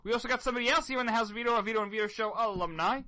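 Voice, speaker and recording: Young male talk radio host, high quick bright delivery, teasing banter, dry close sound. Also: dry recording. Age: 20s. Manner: joking, teasing.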